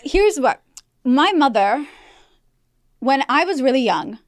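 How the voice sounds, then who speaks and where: A woman's voice: high voice, very animated, slow pace, dry recording, studio quality. A woman in her thirties from Russia, a podcast guest telling candid personal stories in casual chat and laughing often. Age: 30s.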